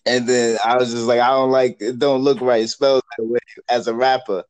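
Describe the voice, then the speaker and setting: A man's voice: medium pitch, little pitch movement, a little fast, a little mellow, smooth, no room sound. Laid-back New man, dry sound. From New York. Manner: laid-back, rambling storyteller. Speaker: guest. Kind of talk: casual podcast chat.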